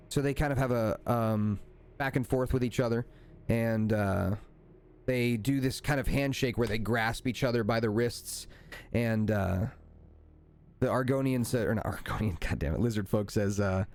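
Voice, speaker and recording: A man narrating a tabletop game as dungeon master. His voice sits a little low, and he talks loosely, full of fillers and quick self-corrections. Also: fairly even intonation, a little mellow. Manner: casual, lots of "uh" and self-corrections.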